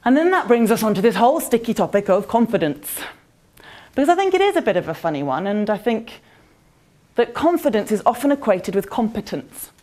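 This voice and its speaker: A woman's voice: on the high side, fairly quick. Woman doing a motivational talk at a conference, chatty, voice goes up and down a lot. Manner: animated, conversational, talks straight to the audience with questions. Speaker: conference speaker. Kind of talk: motivational presentation. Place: conference venue.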